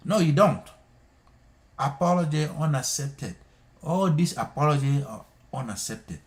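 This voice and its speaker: A man hosting a live stream, scolding people in an impassioned monologue, repeating himself and hammering his points. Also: mid-range voice. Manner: scolding, repetitive, emphatic.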